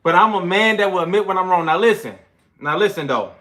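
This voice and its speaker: A young man talks through a casual trading livestream, loose and slangy. He sounds winded, and his voice sits a bit high with a bright, forceful edge. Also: quick pace. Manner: loose, slangy and animated, counting push-ups between chart talk. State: out of breath. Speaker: trading channel host.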